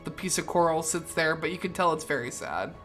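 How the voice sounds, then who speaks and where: A woman's voice: sits low, expressive, a little fast, fairly bright tone, soft background music. A woman narrating a tabletop role-playing game as game master.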